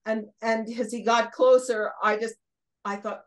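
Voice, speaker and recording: An older woman from Brooklyn, a guest on an interview, telling lively anecdotes, laughing mid-sentence and acting out what people said. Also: on the high side, normal speed, rough recording. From Brooklyn, USA. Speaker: guest, former children's TV host. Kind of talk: casual storytelling interview.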